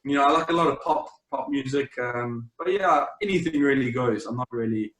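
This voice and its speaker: A young man with a South African accent talks loosely in an interview, circling back with fillers and half-started sentences. His voice sits at a middle pitch and carries a noticeable roomy echo. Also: brisk. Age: young adult. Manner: relaxed, rambling, many fillers and restarts. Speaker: interview guest, champion swimmer. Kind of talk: casual interview chat. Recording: roomy, echoey sound.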